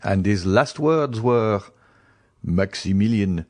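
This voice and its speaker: A man's voice: fairly low pitch, animated, slow pace, no echo, full character voice. Man voicing an earnest young man.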